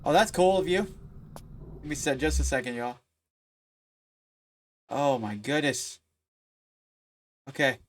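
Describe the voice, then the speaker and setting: Excitable man narrating a horror game. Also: mid-range voice, slow, long pauses, a little hiss or hum. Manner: excitable, talks back to game characters. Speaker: gaming video creator. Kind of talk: let's play commentary.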